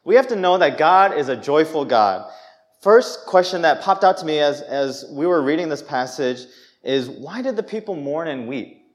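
A young man preaching a sermon in a church, conversational and animated, acting out people's reactions as he speaks. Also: a little high, normal speed. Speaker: pastor.

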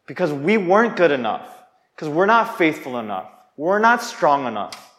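A man's voice: a little high, big pitch swings, moderate pace, fairly bright tone. A young man preaching a sermon in an earnest, conversational way, often restarting his sentences.

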